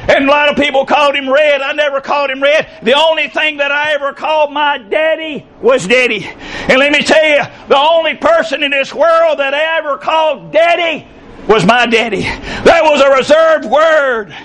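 A man's voice: extremely high pitch, normal speed, poor audio. Impassioned preacher man in his sixties. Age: 60s. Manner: impassioned, bursts into shouting emphasis. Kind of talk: sermon.

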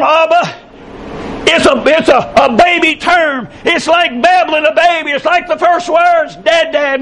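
A middle-aged man preaching a sermon, with impassioned delivery that swells into shouted emphasis. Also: very high voice, slight background noise, low-quality recording.

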